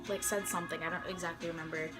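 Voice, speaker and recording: A woman's voice: fairly low pitch, steady tone, racing, over loud music. A young woman vlogger telling a personal story in a casual, chatty way, full of fillers and quoted dialogue.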